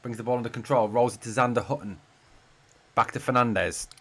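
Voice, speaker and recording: A man's voice: medium pitch, brisk, fairly bright tone, husky. A man hosting a fan watch-along stream, commentating on play in a chatty way, swearing freely and answering viewer comments. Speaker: fan channel host doing a live watch-along. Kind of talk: casual live-stream match commentary.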